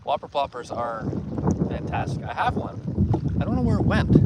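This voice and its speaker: Chatty man streaming outdoors in loud wind. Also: medium pitch, a little fast, far from the mic. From Northern Ontario, Canada. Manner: relaxed, chatty, reads and answers viewer comments. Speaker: fishing livestreamer. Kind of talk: casual live-stream chat. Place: outdoors by a lake on a windy day. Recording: loud wind noise over outdoor mic.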